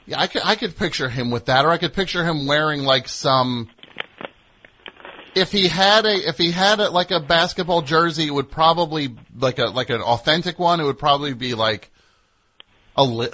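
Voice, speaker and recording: A man hosting a comedy call-in radio show, answering a caller in a dry, deadpan, halting way. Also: fairly high pitch, no echo.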